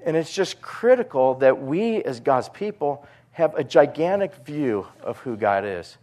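Male preacher, lively storyteller, quick bursts, repeats himself, live audience in a room. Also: on the high side. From United States. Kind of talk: sermon with personal storytelling.

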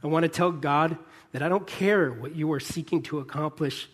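A man in his thirties, a pastor, preaching in an earnest way, pausing often and building to a fervent plea. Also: fairly high pitch, a bit bright. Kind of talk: sermon.

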